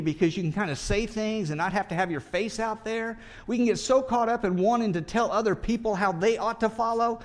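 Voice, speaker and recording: A man preaching a sermon in a conversational way, asking rhetorical questions and often restarting as he thinks aloud. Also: high voice. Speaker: pastor.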